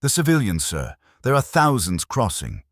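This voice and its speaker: A man's voice: medium pitch, huge pitch swings, moderate pace, fairly bright tone, breathy edge, dry recording, clean studio sound, voice pushed up, exaggerated voice. A man voicing a tense young army engineer captain who answers in a strained, respectful way.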